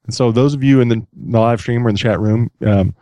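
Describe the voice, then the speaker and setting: Male podcast host, self-deprecating rambler, mid-pitch, dry close sound. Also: brisk, warm tone, dry recording. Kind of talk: casual podcast chat.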